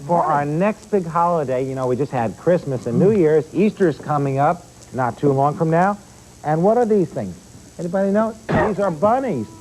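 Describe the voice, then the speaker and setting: Man, pet expert guest, teaching children, asks them questions, mellow relaxed voice. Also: a little high, moderate pace, a little hiss or hum, low-quality recording. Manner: explanatory, addresses children directly with questions. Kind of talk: explaining animals to children on TV. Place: TV studio with children.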